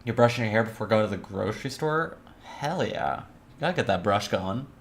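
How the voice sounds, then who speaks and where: A woman's voice: a bass voice, expressive, a little fast. Rambling, swearing woman streamer. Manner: rambling, profane, jokey asides. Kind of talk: casual let's-play chat.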